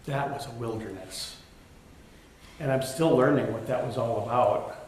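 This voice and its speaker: A man's voice: medium pitch, normal speed, a little mellow. Man preaching in an echoey church. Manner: candid storytelling, self-deprecating humor. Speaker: pastor. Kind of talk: sermon. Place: church sanctuary. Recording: echoey church with faint ambient noise.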